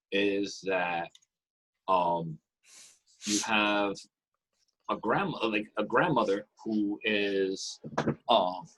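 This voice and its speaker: Husky-voiced man speaking on a panel. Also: fairly low pitch, a bit bright, rough recording. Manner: halting, with pauses and fillers. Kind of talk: conference panel talk.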